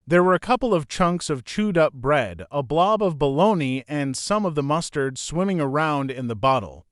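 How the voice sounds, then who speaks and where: A man reading a novel aloud as audiobook narrator, in a plain, steady first-person storytelling manner. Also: on the high side, moderate pace, no echo, clean studio sound.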